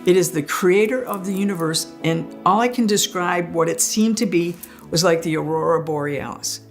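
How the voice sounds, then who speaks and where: Woman, animated testimony, acts out voices, faint music behind. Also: on the low side, normal speed, gravelly. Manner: animated storyteller who acts out voices she heard. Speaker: near-death experience witness. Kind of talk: personal testimony.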